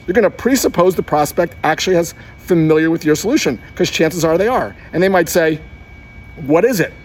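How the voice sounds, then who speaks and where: A man's voice: fairly high pitch, expressive, brisk. A man coaching listeners on cold calling in an upbeat, direct instructional monologue. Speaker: sales coach.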